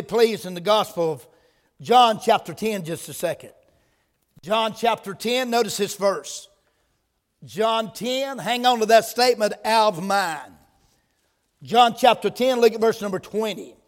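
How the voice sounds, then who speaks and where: A man preaches in a church, his voice pitched very high. He moves from hushed prayer into loud, emphatic preaching. The sound carries a long reverb from the sanctuary. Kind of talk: sermon.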